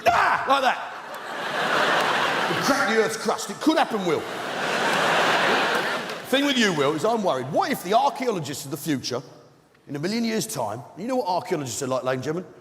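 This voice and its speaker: A man's voice: high voice, big pitch swings, brisk, pauses often. A man doing stand-up, rambling in mock worry at one member of the audience. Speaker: stand-up comedian. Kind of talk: stand-up routine. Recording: roomy hall with faint noise.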